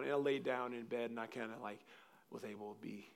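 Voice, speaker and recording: A man preaching a sermon, telling personal stories in a rambling, animated way, with frequent restarts. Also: medium pitch, brisk, vocal fry. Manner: animated, acts out scenes with loud laughter and shouts; rambling, restarts sentences often.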